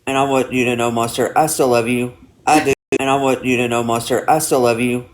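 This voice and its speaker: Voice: medium pitch, little pitch movement, fairly quick, a little hiss or hum. A livestream guest apologizing earnestly, repeating themselves and owning their mistakes. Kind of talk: livestream chat.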